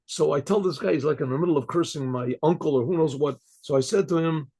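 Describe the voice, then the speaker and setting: An older man, a rabbi, telling a story to his class in a rambling way, repeating himself and often clearing his throat. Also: fairly high pitch, quick pace, dark tone.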